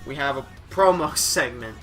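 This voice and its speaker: Bright-voiced young man riffing on a stream. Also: mid-range voice, expressive, normal speed, faint music behind. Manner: joking, profane, rambling. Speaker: streamer and commentator. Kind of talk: casual gameplay commentary.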